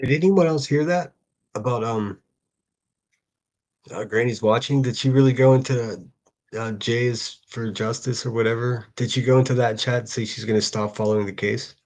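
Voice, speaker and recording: A man's voice: medium pitch, moderate pace. A man doing casual reaction commentary on a livestream, blunt and mocking, swearing freely.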